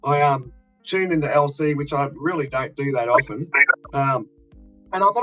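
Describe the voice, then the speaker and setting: A bright, forceful Australian man with a slightly raised voice rants bluntly and swears freely in a casual stream chat. The sound is a little dull, with faint music underneath. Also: a little high, normal speed. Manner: blunt, heavily profane, fired up.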